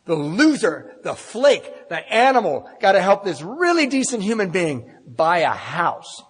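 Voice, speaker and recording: Middle-aged man, meeting speaker, husky slightly high voice, self-deprecating storyteller, reverberant hall. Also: very animated, measured pace. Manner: storytelling, self-mocking humor, acts out dialogue. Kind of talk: personal recovery talk at a meeting.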